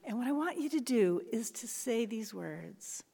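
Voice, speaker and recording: A woman pastor delivers a sermon at an unhurried, deliberate pace, her voice on the higher side. She is earnest, slipping into soft whispers and then rising for emphasis. The sound carries the long reverb of a large church hall. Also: animated, creaky, slightly rough. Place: church sanctuary.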